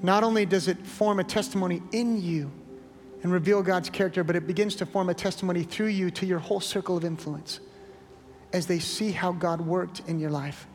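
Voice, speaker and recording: A man's voice: high-pitched, steady tone, a little fast, a little hiss or hum. A middle-aged male pastor preaching a sermon with earnest, pleading encouragement, then leading a prayer. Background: guitar music.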